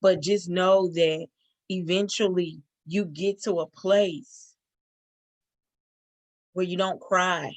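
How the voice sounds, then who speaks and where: A middle-aged woman giving a spoken church testimony, earnest and halting, with many fillers and restarts. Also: fairly low pitch, fairly even intonation, dry recording.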